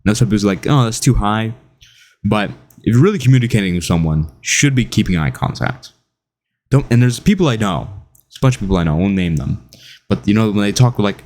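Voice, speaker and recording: A young man giving casual self-improvement advice in an animated, jokey way, acting out quotes. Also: fairly low pitch, brisk. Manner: animated, jokey, laughs at his own stories, acts out quotes. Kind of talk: casual talking-head advice video.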